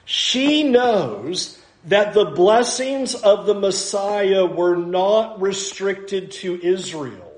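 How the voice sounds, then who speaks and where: A man's voice: sits high, expressive, extremely slow, roomy sound. A man preaching a sermon in a conversational, self-deprecating way, acting out little asides. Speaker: pastor.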